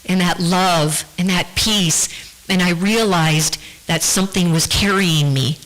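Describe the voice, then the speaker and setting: A woman giving a personal testimony in church, speaking earnestly and haltingly, often restarting her sentences. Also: on the low side, fairly bright tone, low-quality recording. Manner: earnest, halting, with frequent repeated starts. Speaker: guest speaker.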